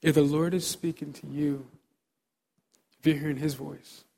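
A man preaching an altar-call sermon in a large church auditorium. He pleads and repeats short exhortations, moving from soft urging to loud fervor. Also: on the high side, flat delivery, moderate pace, vocal fry.

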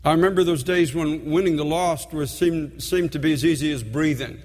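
A man preaching a sermon as a pastor, earnest and heartfelt, leaning on slow, emphatic repetitions. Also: a little high, darkish tone. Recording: long hall reverb.

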